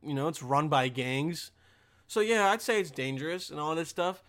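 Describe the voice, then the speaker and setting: Brief: young male comic from Bosnia, bright tense voice, lively swooping pitch, crude exasperated rant. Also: normal speed. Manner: crude, exasperated ranting with sudden high-pitched outbursts. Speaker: comedian. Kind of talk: stand-up style ranting monologue.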